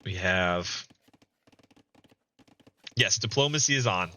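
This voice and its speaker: A man with a bright, forward voice talks through a community strategy match. He commentates casually and reads out players' chat with amused chuckles, close to a desk mic. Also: low voice, animated, slow pace. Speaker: streamer.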